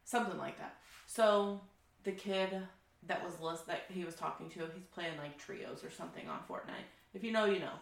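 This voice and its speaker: Woman, podcast co-host, casual chat, lowish voice, swears freely, storytelling, roomy echo. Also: moderate pace, vocal fry.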